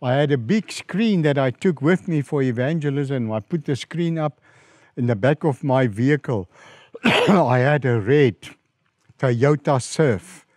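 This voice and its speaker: A man's voice: measured pace, no echo, clean studio sound. A middle-aged man with a South African accent, a pastor telling stories from his mission work in an interview, acting out the voices of people who phoned him. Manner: animated storyteller, rises in pitch and volume acting out quoted calls. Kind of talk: storytelling in an interview.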